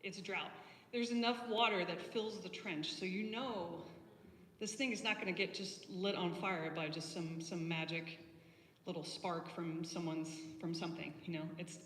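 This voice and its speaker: Lady preacher, kinda low voice, chatty sermon w lots of ums, far off mic in a big echoey room. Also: steady tone, moderate pace, fairly bright tone, a little hiss or hum. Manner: chatty storytelling with frequent ums and restarts. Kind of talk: conversational sermon. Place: church. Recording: echoey hall, voice from a distance.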